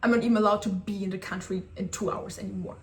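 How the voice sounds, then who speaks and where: A young woman from Germany, telling a travel story to her viewers in a lively, sassy way. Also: mid-range voice, quick pace. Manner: animated, sassy, acts out quotes. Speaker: travel vlogger. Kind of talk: casual storytelling to camera.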